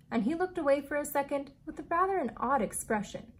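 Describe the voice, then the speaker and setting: A woman teacher reads a children's book aloud in a steady, clear storytelling voice. Her pitch sits a little high, with a faint hiss of noise underneath. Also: fairly quick, hardly any pauses.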